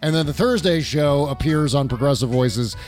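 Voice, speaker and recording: A man hosting a casual political talk show, chatty and quick to laugh, with a wry edge. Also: fairly high pitch, a little mellow, faint music behind. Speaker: podcast host.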